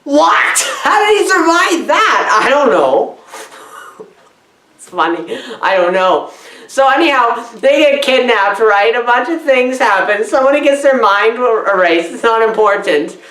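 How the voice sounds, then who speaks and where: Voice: mid-range voice, animated, a little slow, fairly bright tone. A performer playing a bumbling, injured male film reviewer who rambles, giggles and loses track of his own story. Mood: giggly rambling. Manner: giggly, rambling, easily confused. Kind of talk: comedic sketch review. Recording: roomy echo.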